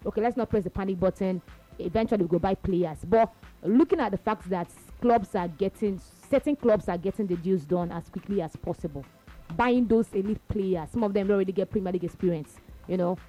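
Animated Nigerian woman talking football. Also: medium pitch. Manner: animated, mixes Pidgin slang, repeats phrases for emphasis. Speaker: sports talk host. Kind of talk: casual football chat.

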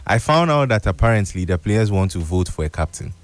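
A man with a Ghanaian English accent hosting a radio show, talking in a lively, playful way with local slang. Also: on the low side, brisk, no room sound. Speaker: radio host. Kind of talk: radio show chat with live ad read.

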